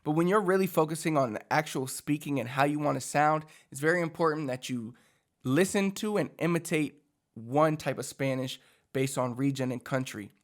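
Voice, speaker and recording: A man from Puerto Rico talks through speaking tips like a chatty coach, voice sitting a touch high. He keeps it loose and animated, leaning on fillers as he explains. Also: normal speed. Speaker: language coach. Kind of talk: casual teaching monologue.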